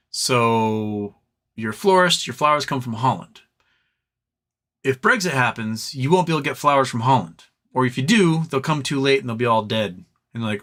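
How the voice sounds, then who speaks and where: A man's voice: mid-range voice, animated, normal speed, a bit bright. Exasperated rambling man. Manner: rambling, exasperated, mimics people in quotes. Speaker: livestream host. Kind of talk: casual livestream chat.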